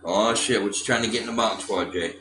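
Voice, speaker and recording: A man from Texas chatting casually on a livestream, gruff and profane, teasing his viewers and talking to his cat. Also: fairly low pitch, brisk. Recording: echoey room with loud ambient noise.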